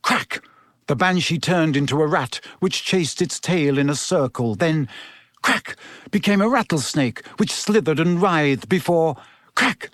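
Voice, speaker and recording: A man's voice: on the high side, normal speed, few pauses, dry recording, clean studio sound. A man reading a story aloud as scripted narration, delivering it expressively and slipping into voices for the characters.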